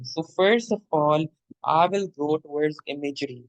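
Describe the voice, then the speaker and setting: A fairly high-pitched man teaching literature in a patient, repetitive lecture style. He keeps checking in with his listener. The sound is dry and close. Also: normal speed, no room sound, rough recording. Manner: repeats points, frequent "okay?" check-ins; addresses listener as "my dear". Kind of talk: explanatory lecture.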